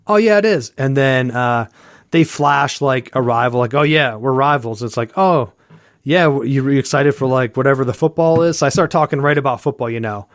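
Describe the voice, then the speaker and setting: A man's voice: mid-range voice, normal speed, no echo, clean studio sound. A man in his thirties co-hosting a casual sports chat, rambling through a story with lots of "like" and acting out the people in it. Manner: heavy use of "like" and fillers. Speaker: podcast co-host.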